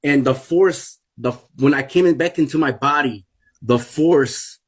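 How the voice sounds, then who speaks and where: Husky man telling an urgent testimony. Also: mid-range voice, measured pace. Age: 40s. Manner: urgent, repeats himself, restarts sentences. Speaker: testimony speaker. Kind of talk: emotional personal testimony.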